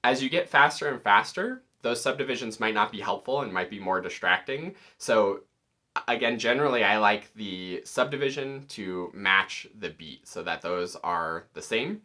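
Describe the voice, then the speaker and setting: A man teaching music in a relaxed, explanatory tutorial, walking through settings step by step. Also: on the low side, normal speed. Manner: relaxed, explanatory, occasionally counting beats aloud.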